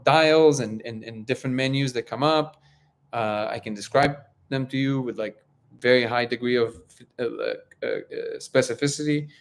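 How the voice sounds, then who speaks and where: A man hosting a casual live-stream talk, speaking haltingly with many restarts and fillers. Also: medium pitch. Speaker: host of a live discussion stream.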